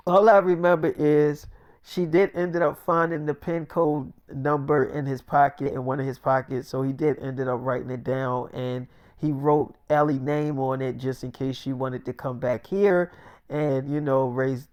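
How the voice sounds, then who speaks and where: A man's voice: medium pitch, steady tone, moderate pace, a little mellow, clean tone. Man, casual storyteller, profane, rambling, offhand. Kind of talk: casual spoken recap of a game playthrough.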